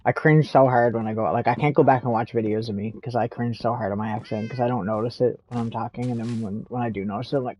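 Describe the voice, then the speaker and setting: A man's voice: medium pitch, steady tone, quick pace, few pauses, darkish tone, slight background noise, rough recording. A man with a Canadian accent, chatting in a rambling, casual way while streaming a game and laughing often. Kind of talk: casual chat while gaming.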